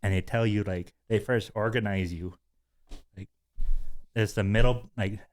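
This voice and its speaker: A man with a fairly low voice tells a long, rambling story on a casual podcast. He fills his talk with likes and ums and breaks into giggles often. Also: fairly even intonation, a little slow. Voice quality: giggly, rambling with many fillers. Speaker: podcast host.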